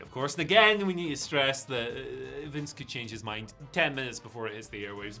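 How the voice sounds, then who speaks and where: A man co-hosting a casual news discussion, chatting in a relaxed, speculative way with plenty of fillers. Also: mid-range voice. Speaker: co-host of a news show.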